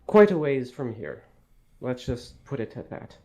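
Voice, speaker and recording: An aloof Fae wanderer from far away, dry and evasive in every reply, as a man plays him in a tabletop game. The voice stays at an ordinary middle pitch. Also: big pitch swings, unhurried, dark tone. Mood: cool, wry. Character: aloof, mysterious Fae traveler.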